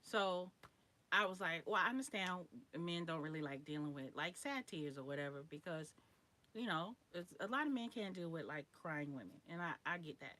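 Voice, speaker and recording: A woman's voice: fairly low pitch, expressive, moderate pace, sharp tone. A young adult woman hosting a live stream, chatting frankly and directly with her viewers. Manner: chatty, talks straight to viewers, frank about sex. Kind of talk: casual live stream chat.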